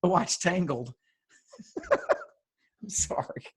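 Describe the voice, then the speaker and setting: A man's voice: a little high, slow, breathy edge. A man leading a youth group on a video call, joking and teasing as he asks would-you-rather questions. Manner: playful, teasing, chatty asides. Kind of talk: casual video call hosting.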